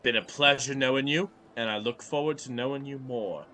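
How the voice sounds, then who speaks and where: A man's voice: medium pitch, brisk, sharp tone, a little hiss or hum, lightly acted. A man playing a pompous male governor in a tabletop game, speaking in a grand, folksy drawl. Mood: grandiose.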